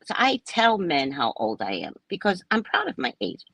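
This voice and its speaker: A psychic reader in her sixties hosts a live show, chatting casually with viewers and acting out the people in her stories in an animated way. Her voice is husky and fairly low, at a moderate pace. The audio is poor, with no echo.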